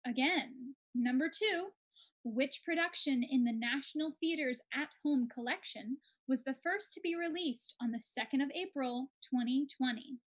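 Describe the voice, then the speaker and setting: A woman's voice: sits high, moderate pace, rough recording. An American woman co-hosting an online quiz with an upbeat, enthusiastic manner. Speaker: quiz co-host.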